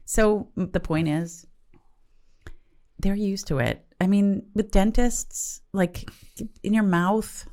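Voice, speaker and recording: A woman's voice: medium pitch, slow pace, mellow. A woman co-hosting a casual chat, talking in a conversational way. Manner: conversational, frequent backchannels. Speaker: co-host.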